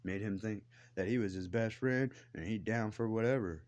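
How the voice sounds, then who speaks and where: Deep-voiced man on a cursing rant. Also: normal speed, a little mellow, dull audio. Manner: blunt, defiant, swears heavily. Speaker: vlogger. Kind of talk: angry profane rant to camera.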